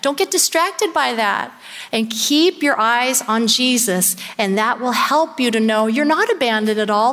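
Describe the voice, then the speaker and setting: A woman podcast host delivering a sermon-style message as an animated storyteller who acts out voices. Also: a little high, a little slow.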